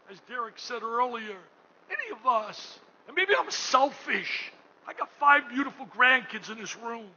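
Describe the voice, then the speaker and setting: An older man giving an emotional fundraising speech as gala host in a hotel ballroom. He booms out some lines and drops to a hush on others. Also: breathy edge. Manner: booming, swings between shouting and hushed tones. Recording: muffled recording with room noise.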